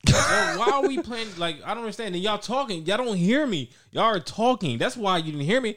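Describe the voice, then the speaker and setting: A man's voice: high voice, fast talker. A man in casual podcast chat, telling a story with profanity and acting out friends' lines. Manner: animated, profane storytelling with lots of acted-out quotes.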